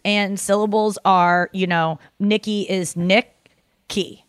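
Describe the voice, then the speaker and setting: A young woman hosts a casual chat, rambling with plenty of fillers and swearing now and then. Her pitch sits in the middle of the range. The recording is close and dry, with no room sound. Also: steady tone, slow, clear, resonant tone, no room sound. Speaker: podcast host.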